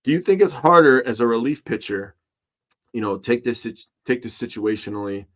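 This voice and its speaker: A man co-hosting a casual sports podcast, talking in a relaxed, chatty way and listing pitching numbers. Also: brisk. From Wisconsin. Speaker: podcast co-host.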